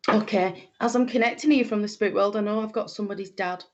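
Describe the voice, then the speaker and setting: Talking fast at a medium pitch, this middle-aged woman from Lancashire is a medium saying hello to livestream viewers. Her manner is homely and chatty with many fillers, and the recording is muffled.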